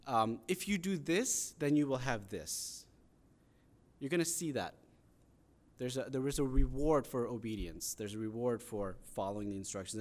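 Guy preaching, earnest and chatty, middle pitched voice, pushes harder on the big points. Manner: earnest, conversational teaching with rising emphasis on pleas. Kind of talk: sermon.

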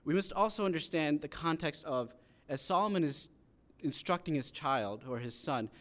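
A man's voice: a little high, animated, moderate pace, a bit bright. A man preaching a sermon in an earnest, conversational teaching manner, pressing harder when he stresses a point. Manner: earnest, conversational teaching with rising emphasis on pleas.

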